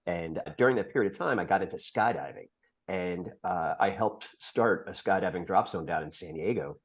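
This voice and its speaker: A man's voice: sits low, expressive. Lo-fi middle-aged man telling a story. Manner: earnest, halting storyteller with many fillers. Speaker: podcast guest. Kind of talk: storytelling interview. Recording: dull lo-fi podcast audio.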